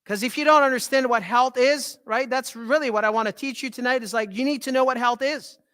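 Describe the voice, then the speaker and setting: High, bright-voiced man giving a health talk. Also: brisk. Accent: French Canadian. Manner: animated, repeats "right?" to the audience. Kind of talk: live talk to an audience. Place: talk to a live audience in a room.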